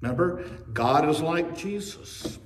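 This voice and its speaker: A male pastor preaching a sermon with emphasis, slowing on key phrases and speeding through asides. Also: a little high, expressive, a little hiss or hum. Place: church sanctuary. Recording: echoey church from a distance.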